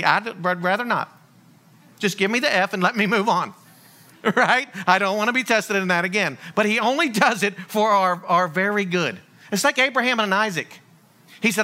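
A male pastor delivering a sermon in a high-pitched voice. He tells stories with a lot of energy and slips into the voices of the people in them. His tone is bright and forward. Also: moderate pace. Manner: lively storytelling, acting out voices of figures.

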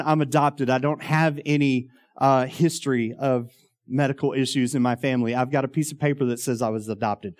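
A man's voice: a little high, a little mellow. A man, telling a long personal story in a rambling way, full of ums and uhs. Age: 40s. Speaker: former youth minister.

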